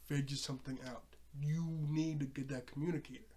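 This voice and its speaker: A young man casually recapping a cartoon episode, laughing often and jumping up in pitch when surprised. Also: steady tone, brisk, a little mellow. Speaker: show reviewer.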